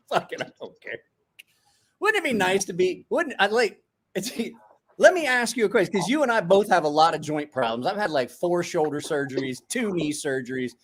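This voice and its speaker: High-voiced, animated storytelling man. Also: normal speed. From small rural town. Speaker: host. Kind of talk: casual chat.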